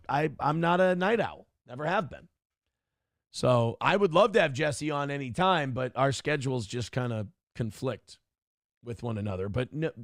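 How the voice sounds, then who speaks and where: Brief: middle-aged male streamer, blunt and profane, slightly high gravelly voice. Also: no echo, clean studio sound. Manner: blunt, ranting, swears freely. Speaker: streamer host reading chat. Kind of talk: casual livestream commentary.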